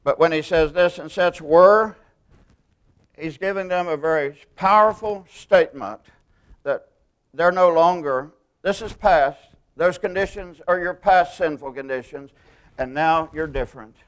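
A man preaches with a high, smooth, resonant voice. He leans hard on single words and slows down when he quotes scripture. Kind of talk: sermon.

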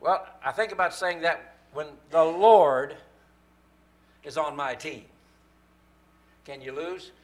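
A man delivers a sermon in a fairly high voice. He leans on key phrases, slowing down to stress them one word at a time. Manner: emphatic, slow stresses on key words. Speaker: preacher.

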